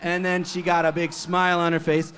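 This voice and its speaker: A man's voice: on the high side, completely flat delivery, a little fast, fairly bright tone. A man who is a folk singer-songwriter, chatting on stage between songs at a live venue and telling a story with self-deprecating humor. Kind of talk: live concert stage banter. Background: acoustic guitar.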